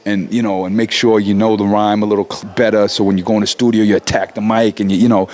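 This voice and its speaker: A low-voiced man in his forties talks in a loose, profane way. He gets animated and trips over restarts as he rants, swearing often. It is casual interview talk. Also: quick pace. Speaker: rapper, guest.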